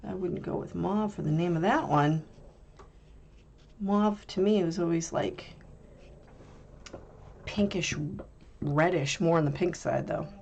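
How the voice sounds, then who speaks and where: Slow, gravelly-voiced woman swatching paints. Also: deep voice, a little mellow, a little hiss or hum. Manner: chatty, muses aloud while painting. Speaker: art channel host. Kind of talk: casual paint swatching review.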